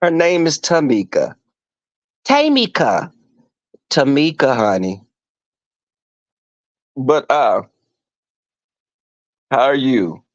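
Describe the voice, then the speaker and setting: A man's voice: mid-range voice, takes it slowly, long pauses, no room sound. A man hosting a casual livestream chat, telling profane, campy stories to his viewers from home. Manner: animated, profane, campy storytelling. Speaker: livestream host. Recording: dull lo-fi dry sound.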